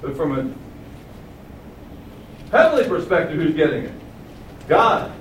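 Man preaching, high voice, animated, roomy echo, mic set back. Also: slow pace, recorded from a distance, slight background noise. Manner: animated, rhetorical questions, booming quoted acclamations. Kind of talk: sermon.

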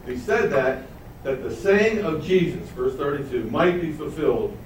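A man's voice: a little high, moderate pace. A man preaching a sermon, teaching verse by verse and throwing rhetorical questions to his listeners. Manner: animated, rhetorical questions to the audience. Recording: echoey room heard from a distance, faint noise.

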